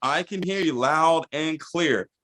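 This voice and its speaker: A man's voice: fairly high pitch, takes it slowly, pushed and bright, rough recording. A man hosting a call, giving a persuasive, upbeat sales presentation.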